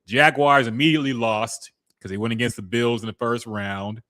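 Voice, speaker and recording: A man co-hosting a casual sports podcast, relaxed and loose, who swears now and then and sometimes blanks on names. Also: medium pitch, moderate pace, no room sound, studio quality. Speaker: podcast co-host.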